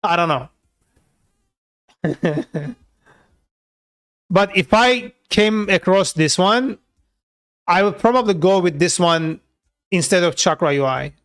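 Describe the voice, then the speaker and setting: Smooth-voiced man chatting while coding. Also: high-pitched, lively intonation, slow, long pauses, fairly bright tone. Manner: loose and chatty, many filler words, swears freely. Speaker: software developer streaming his coding work. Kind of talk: casual live coding session.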